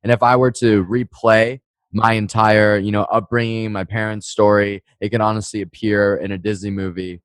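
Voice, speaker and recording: A man's voice: on the low side, no room sound. A man in his twenties, a guest on a podcast, telling his story in a friendly, chatty way over a remote line. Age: 20s. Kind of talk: podcast interview. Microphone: remote call.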